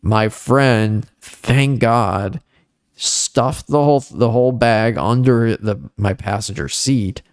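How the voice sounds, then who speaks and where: A man's voice: slow, no room sound. Young guy on a podcast telling a wild story, voice jumps up at the big parts, dry close mic. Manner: animated storyteller, rising pitch on dramatic moments. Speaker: podcast host. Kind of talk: casual storytelling chat.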